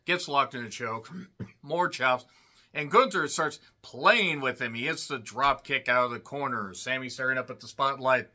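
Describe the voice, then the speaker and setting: A man recaps a wrestling show in casual, irreverent talk, full of sarcastic asides and sudden loud outbursts. His voice is very bright and sits a little high. He clears his throat again and again as he goes. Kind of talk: casual solo review commentary.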